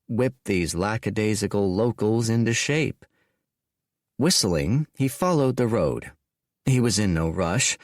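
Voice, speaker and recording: A man reading an audiobook in a slow, deliberate and expressive narration. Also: lowish voice, no echo, clean studio sound.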